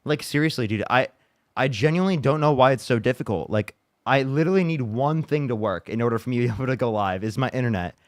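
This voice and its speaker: A man hosting a livestream debate talks fast and animatedly at medium pitch, casual and frustrated after a bad day. He swears and keeps restarting his sentences.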